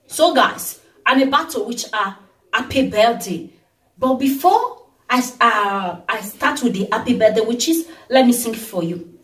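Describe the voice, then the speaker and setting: A Nigerian woman vlogger, tired, talking in an animated way and breaking into song and blessings. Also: a little high, moderate pace, far from the mic. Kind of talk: casual birthday tribute vlog with singing. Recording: roomy sound from off the mic.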